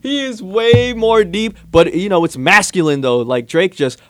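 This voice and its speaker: A young man talks in a loose, animated way and keeps slipping into quick impressions. His voice sits a little high. The sound is dry and close, with no room echo. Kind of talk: casual chat.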